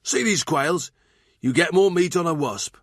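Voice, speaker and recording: A man's voice: a little high, animated, a little slow, dry recording, clean studio sound, voice pushed up. A man voicing a blunt, chatty palace cook who jokes irreverently. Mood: teasing.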